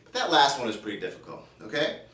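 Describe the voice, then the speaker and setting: A man's voice: medium pitch, huge pitch swings, quick pace. A man giving a drum lesson, explaining casually and checking in with the viewer. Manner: counts beats aloud while playing. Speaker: drum teacher. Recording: echoey room, distant mic, loud drums.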